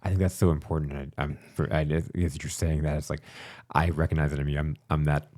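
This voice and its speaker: A man's voice: extremely low pitch, little pitch movement, fast, a little mellow. A man hosting a podcast in casual conversation, reflective and agreeable as he relates to his guest. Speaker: podcast host.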